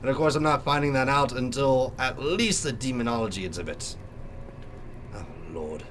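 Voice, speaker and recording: A man's voice: medium pitch, animated, moderate pace, a bit bright, slight background noise. A young man with a sore throat giving jokey, theatrical let's play commentary as a gaming YouTuber.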